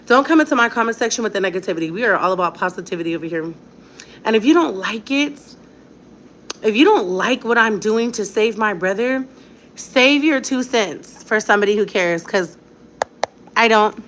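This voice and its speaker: A woman's voice: mid-range voice, expressive, a little fast, fairly bright tone, slight background noise. A young woman talking straight to her viewers in a casual vlog, blunt and defiant, with a lot of slang. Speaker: vlogger.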